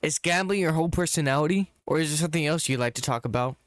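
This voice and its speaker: Blunt deadpan young man streaming. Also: on the high side, quick pace, no echo, clean studio sound. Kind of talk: casual live-stream chat.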